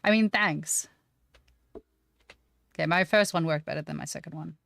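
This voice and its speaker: Low-voiced woman thinking aloud. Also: normal speed, gravelly, a bit bright, no room sound. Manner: thinks aloud, self-deprecating, chatty. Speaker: 3D artist teaching on a live stream. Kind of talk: casual live-stream tutorial.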